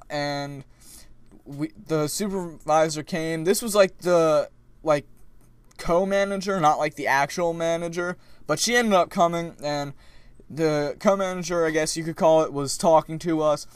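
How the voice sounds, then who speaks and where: A young man tells a story for his vlog, his voice sitting a bit high for a guy. He rambles and restarts mid-sentence, animated and casual. The sound is close and dry, with no room around it. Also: measured pace, clear, resonant tone, dry recording. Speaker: vlogger.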